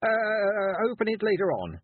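A nervous young nobleman, as a man puts him on in a storybook reading, stammering and hesitant, pitched well up with a husky grain. The audio is thin and phone-like. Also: wildly swooping pitch, unhurried, no echo, exaggerated voice. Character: nervous noble boy, blushing and stuttering. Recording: tinny phone-like dry sound.

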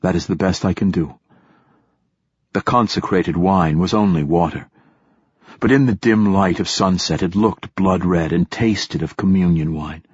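A man giving a measured, solemn first-person narration for an audiobook, with a dull, muffled recording. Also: low-pitched, slightly rough, no room sound.

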